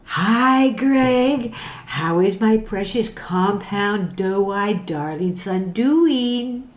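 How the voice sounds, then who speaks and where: Woman reading a doting mother with a lively, up-and-down voice, roomy sound. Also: mid-range voice, very slow, a little hiss or hum. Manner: gushing, then hushed and confiding. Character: doting chatty middle-aged mother. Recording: roomy echo.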